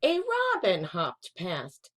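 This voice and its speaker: A woman's voice: lowish voice, wildly swooping pitch, slow, a bit bright. A woman hosting a children's storytime, reading a picture book aloud.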